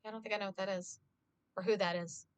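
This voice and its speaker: A woman's voice: medium pitch, fairly even intonation, fast talker, clear, resonant tone, no room sound. A woman streamer in casual live-stream chat, talking freely to her viewers, swearing often and filling her talk with "like". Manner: chatty, swears often, heavy use of "like".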